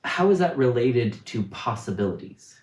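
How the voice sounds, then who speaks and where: A man's voice: medium pitch, big pitch swings, moderate pace, a little mellow. A man interviewing in a casual conversation, asking curious, probing questions. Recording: echoey, distant mic, faint noise.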